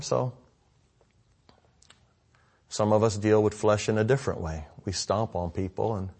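Speaking in a lowish voice, this male pastor preaches his sermon conversationally. His volume rises and falls from booming to hushed as he questions the congregation and asks them for amen.

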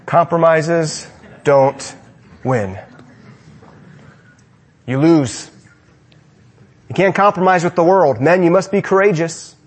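A young man preaching a sermon to men, with emphatic repeated rhetorical questions, swinging between loud and soft, and ending in prayer. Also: fairly high pitch, slow pace, pauses often.

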